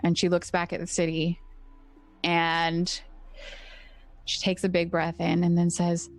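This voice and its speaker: Give me a relaxed woman game master with a low-pitched voice. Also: unhurried, faint music behind. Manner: relaxed, explanatory, chatty. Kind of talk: running a tabletop game.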